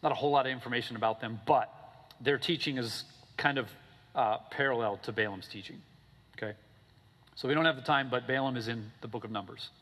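Man, pastor, casual animated sermon, storytelling, long hall echo. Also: brisk. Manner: animated storytelling, acting out characters with big pitch swings; casual, with fillers like "okay?" and "right?".

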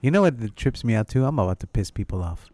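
A man's voice: fairly low pitch, sing-song, quick pace, darkish tone, dry recording. A man co-hosting a podcast, rambling and joking with casual swearing. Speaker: podcast co-host. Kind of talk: casual chat.

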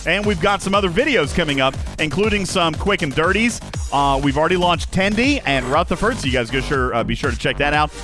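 A man's voice: a little high, expressive, fairly quick, music in the background. A man hosting a casual podcast livestream, playful and hyping up his audience. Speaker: podcast host.

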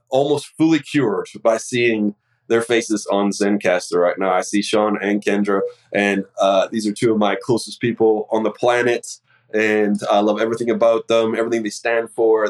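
A fairly low-voiced man hosts a podcast over a remote recording. He is a bit sick, yet he sounds earnest and affectionate as he sets up the episode. His speech is loose and full of fillers. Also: flat delivery, moderate pace, low-quality recording. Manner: warm, earnest, many fillers. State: slightly sick. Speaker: podcast host. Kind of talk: casual interview intro.

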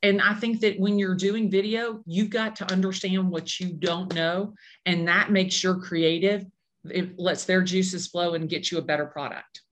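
A woman's voice: fairly low pitch, normal speed. A woman in her fifties, a real estate agent, chatting in an interview and acting out the people she quotes. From Atlanta, Georgia. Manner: animated storyteller acting out quotes. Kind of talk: casual interview chat.

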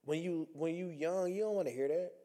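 A man's voice: fairly high pitch, brisk, dark tone. A man talking earnestly in a reflective personal monologue, conversational and repeating himself as he works through his thoughts.

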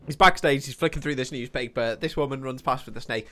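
Bright-voiced man chatting about films. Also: medium pitch, fast. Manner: laughing, recounting scenes with put-on voices. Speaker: podcast co-host. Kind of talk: casual film chat.

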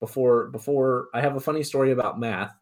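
A man chatting casually, telling animated anecdotes and mimicking the people in them. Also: mid-range voice, fairly quick. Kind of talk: casual chat.

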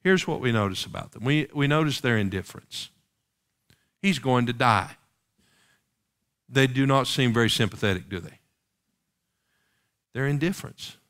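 A man's voice: mid-range voice, a bit bright. A man preaching a sermon, reading King James scripture aloud and pressing the congregation with rhetorical questions.

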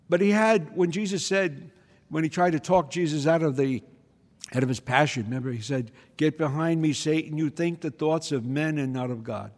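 A man with a slightly high voice preaches a teaching homily in a church. He talks conversationally and keeps checking in with the audience. Long reverb from the hall trails his words. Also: darkish tone. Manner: conversational, checks in with the audience by asking "okay?" and "hmm?".

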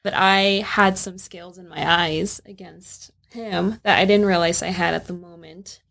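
A woman's voice: lowish voice, fairly even intonation, moderate pace, gravelly, fairly bright tone. A woman casually sharing a faith testimony about her marriage in a reflective way, laughing now and then. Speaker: wife telling their story.

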